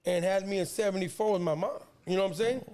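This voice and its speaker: A rapper in his fifties from San Diego, California, appears as a guest and tells a long personal story in casual, rambling, slangy fashion, often repeating words. His voice is high and a little mellow, with fairly even intonation, and he talks fast.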